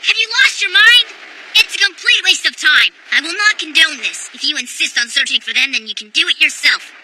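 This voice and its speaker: A woman's voice: sits high, expressive, bright, forceful tone, a little hiss or hum, exaggerated voice, rough recording. A woman voicing an arrogant young boy genius scientist in an anime English dub, haughty and dismissive. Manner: haughty, dismissive, quick to despair. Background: background score.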